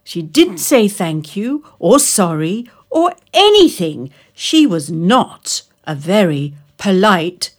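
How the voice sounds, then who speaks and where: A woman reading a children's storybook aloud, slowly and expressively. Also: fairly low pitch. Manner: expressive, slow and drawn out.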